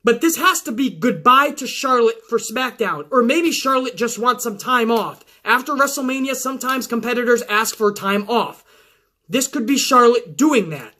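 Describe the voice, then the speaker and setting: A man hosting a show, recapping wrestling in an excitable, heavily profane casual way. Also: extremely high pitch, moderate pace.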